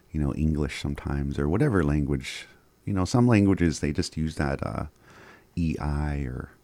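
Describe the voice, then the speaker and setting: A man's voice: extremely low pitch, gravelly, a little mellow, dry recording. A man hosting community radio, reading daily announcements in an easygoing way, chuckling and stumbling over words now and then. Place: radio studio.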